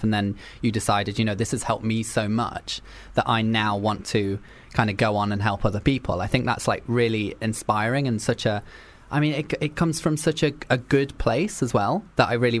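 A man hosting a radio show, chatting casually with lots of fillers and restarts. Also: medium pitch. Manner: chatty, rambling, filler-heavy. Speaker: radio host.

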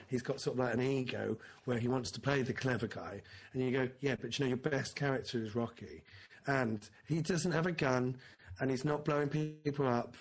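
A man co-hosting a podcast in casual film chat, rambling and interrupting himself, now and then swearing. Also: mid-range voice. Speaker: podcast co-host.

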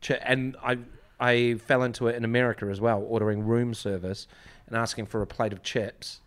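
Here a New Zealand-accented man in his 40s swaps anecdotes in easygoing conversation, hesitating often and leaning on fillers. He has a smooth, mid-range voice, a flat delivery, and a slightly quick pace.

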